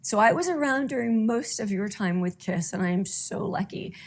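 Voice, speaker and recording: A woman's voice: medium pitch, expressive, moderate pace. A woman giving an earnest, affectionate video tribute to a close friend. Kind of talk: heartfelt video message.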